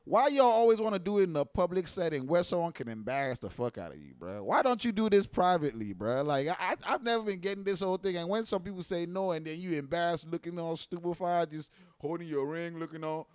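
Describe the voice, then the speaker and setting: Slangy man with a fairly high voice. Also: animated, quick pace, few pauses, smooth, dry recording. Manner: slangy, profane, full of rhetorical questions. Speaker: livestream host reacting to viral clips. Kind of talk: casual reaction commentary.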